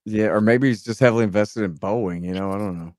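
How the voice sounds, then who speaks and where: A man's voice: fairly low pitch, fast, no room sound, studio quality. A man co-hosting a casual political podcast, rambling and sarcastic, acting out mocking quotes as he tells a story. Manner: rambling, sarcastic, animated retelling with mock quotes. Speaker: podcast co-host.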